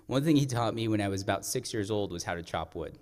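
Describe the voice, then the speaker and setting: Man, from the Navajo Nation, live storyteller, animated, chatty, hall reverb. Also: fairly low pitch, fast. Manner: lively, animated, conversational with the audience. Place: stage of a performing arts center. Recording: echoey performing arts hall.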